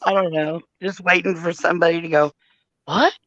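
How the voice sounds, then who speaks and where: A woman's voice: lowish voice, steady tone, fast, fairly bright tone, no echo. Chatty woman on a dull mic. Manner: storytelling, laughs often, acts out quotes. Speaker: live stream co-host. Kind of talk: casual chat.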